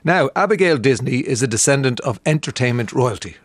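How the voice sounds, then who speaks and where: A man's voice: medium pitch, expressive, brisk, dry recording. An Irish man hosting a radio show, chatting casually and reading out listener messages with frequent "uh" fillers. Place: radio studio.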